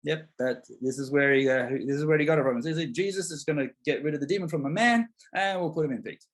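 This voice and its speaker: Husky-voiced man preaching a sermon. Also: a little high, quick pace. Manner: conversational, animated, acts out voices of biblical figures. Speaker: pastor. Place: church.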